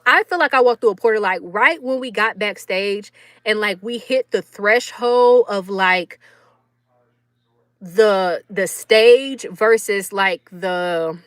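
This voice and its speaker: A young woman, chatting casually to her viewers and telling an animated story with quick laughs. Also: medium pitch, no room sound. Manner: animated, laughs often, acts out quotes. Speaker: vlogger.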